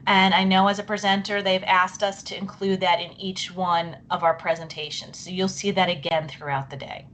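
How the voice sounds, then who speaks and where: A middle-aged woman leads a live online session for teachers, apologizing chattily and musing aloud as she clicks through slides. Her lowish, a bit bright voice wavers with little pitch movement at a moderate pace, and she keeps clearing her throat over a little hiss or hum.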